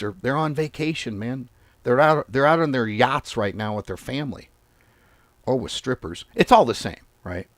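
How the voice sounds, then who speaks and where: A man's voice: mid-range voice, a bit bright, dry recording. A man hosting a trading channel, chatting casually through a live screen-share, loose and offhand, repeating words for emphasis. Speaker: forex trading channel host.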